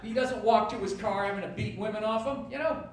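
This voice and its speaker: A man doing a stand-up comedy set, ranting and profane, swinging from low grumbles to shouted outrage. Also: a little fast, a crowd in the background. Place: comedy club stage with audience laughter. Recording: echoey live stage recording from a distance, loud noise.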